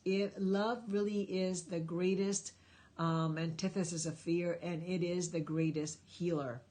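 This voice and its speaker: A woman's voice: on the low side, steady tone, measured pace, warm tone. A woman hosting a live stream Q&A, answering viewers' questions with emphatic, encouraging life advice. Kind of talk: live stream Q&A, reading chat.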